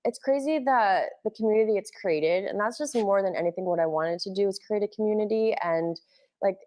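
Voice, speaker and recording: A woman in her thirties speaks openly in a candid interview. Her talk is emotional and loose, full of "like"s. Her pitch is mid-range for a woman. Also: brisk, darkish tone. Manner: open, emotional, uses "like" a lot. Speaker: interview guest, former wrestler.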